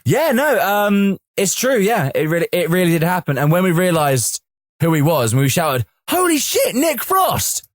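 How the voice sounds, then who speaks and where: A man co-hosting a comedy podcast, telling an anecdote in lively casual chat and acting out other people's lines. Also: a little high, normal speed, no echo, clean studio sound. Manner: lively storytelling, acts out voices. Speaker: podcast co-host.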